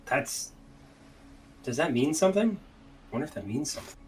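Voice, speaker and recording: A man's voice: on the high side, sing-song, normal speed, a little mellow, a little hiss or hum, low-quality recording. A man playing a tabletop game, asking curious questions in character. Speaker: player. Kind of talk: in-character role-play.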